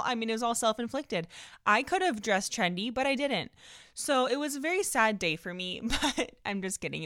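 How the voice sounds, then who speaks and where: A young woman with a Californian Valley girl accent hosts her own podcast, telling a story in a bubbly, dramatic way and laughing often. Her voice sits a little high and sounds smooth and clear. The recording is dry and close, with no room around it. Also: bright, forceful tone, no room sound. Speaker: podcast host. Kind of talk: casual solo podcast storytelling.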